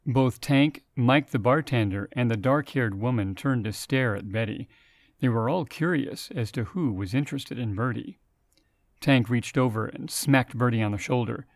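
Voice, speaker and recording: A man's voice: medium pitch, moderate pace, dry recording, clean studio sound. Man narrating a story. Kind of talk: scripted narration.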